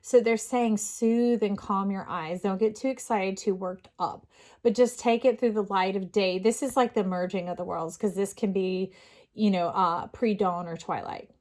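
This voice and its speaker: A woman's voice: mid-range voice, fairly even intonation, normal speed, darkish tone. A middle-aged woman doing a casual tarot reading, earnest and rambling, with restarts and fillers. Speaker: tarot reader.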